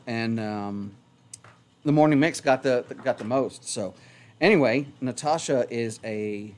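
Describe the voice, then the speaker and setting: A man hosting a morning radio show in a studio, chatting casually and poking fun at himself as he rambles. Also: mid-range voice. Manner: rambling, self-mocking, chatty. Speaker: radio host.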